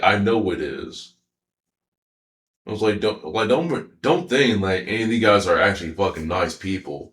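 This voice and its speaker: Man, casual rambling commentary, unhurried pace, roomy echo. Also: on the low side. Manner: animated, laughing often, slangy with many fillers. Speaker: anime reviewer.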